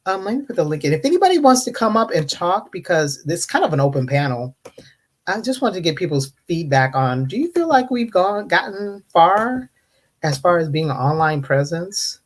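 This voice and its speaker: Slightly buzzed on wine, this U.S. livestream host runs an open online panel, welcoming viewers and responding to them in a relaxed way. Speaking at a normal speed in a mid-range voice, she brings her stories to life by acting out the rude things others asked her, complete with mocking impressions.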